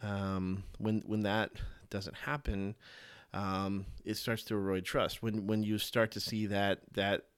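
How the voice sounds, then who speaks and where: A man talks through his ideas on a solo podcast, his voice sitting slightly low. The sound is dry and close, with no room around it. He hesitates often, circling back with fillers and restarts before landing each point. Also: little pitch movement, clean tone, no echo. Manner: halting, many fillers and restarts; acts out quoted voices with sudden high pitch jumps. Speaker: podcast host. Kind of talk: solo podcast monologue on leadership.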